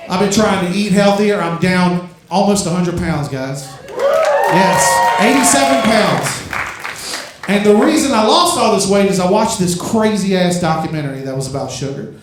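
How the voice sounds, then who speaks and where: A young adult man from Louisiana doing a stand-up set on a club stage, storytelling with lots of swearing and loud, high punchlines. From Louisiana, USA. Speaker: stand-up comedian. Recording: very echoey club room.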